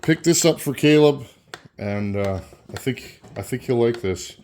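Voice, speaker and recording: A man's voice: medium pitch, expressive, a little slow, a little mellow, a little hiss or hum. A Canadian man, host of a chainsaw channel, chatting casually and folksily to camera while working on a saw, often repeating a word as he goes. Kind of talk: casual workshop talk to camera.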